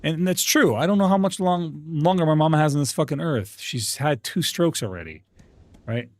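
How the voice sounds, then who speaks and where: A man's voice: a little high, normal speed, dry recording. A man streaming live, telling a family argument to his chat in a profane, indignant way. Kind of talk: casual storytelling to a live chat.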